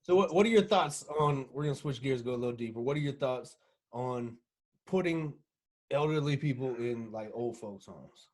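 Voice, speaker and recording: A man co-hosting a podcast, asking short, relaxed follow-up questions in casual chat. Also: mid-range voice, normal speed. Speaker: podcast co-host.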